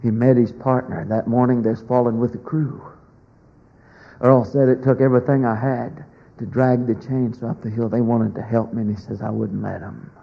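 A male preacher tells a folksy story with a gravelly, husky voice. He swings from shouting to near whispers as he works the story. The recording sounds dull and lo-fi. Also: mid-range voice, little pitch movement, normal speed. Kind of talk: sermon storytelling.

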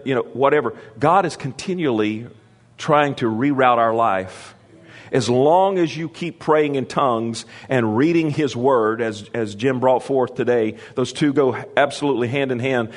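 A man preaching a sermon, calling for responses from the congregation and raising his voice for emphasis, with casual asides in between. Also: moderate pace. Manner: call-and-response preaching, rises in pitch for emphasis; conversational asides and restarts.

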